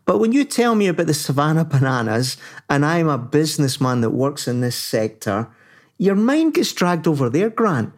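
A man from northern England talking in a relaxed co-host chat. He gets animated as he goes, laughs often and restarts his sentences as he thinks aloud. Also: fairly high pitch, normal speed. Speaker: podcast co-host. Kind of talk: casual conversation.

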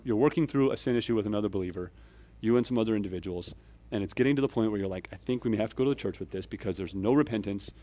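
Conversational male preacher, frequent "okay?". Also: on the low side. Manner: checks in with frequent "okay?" and "right?"; explains step by step, swings between louder pushes and quiet asides. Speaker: church elder preaching. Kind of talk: conversational sermon.

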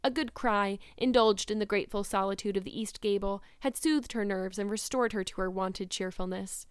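A woman narrating a novel aloud in an expressive, reflective way, then musing on the chapter. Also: mid-range voice, normal speed, few pauses, smooth, no echo, clean studio sound. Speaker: reader of a novel. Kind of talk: storybook narration and commentary.

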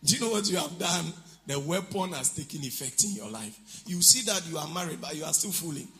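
A man preaching a sermon, shifting from low asides to shouts as he acts out what people said. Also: animated, a little fast, soft background music.

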